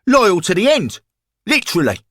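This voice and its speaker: A man's voice: high voice, wildly swooping pitch, moderate pace, no room sound, pitched above the performer's own voice, heavily acted. A man voicing a rowdy, boastful young male football hooligan ghost in an audio story. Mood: brash. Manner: loud, boastful, cocky.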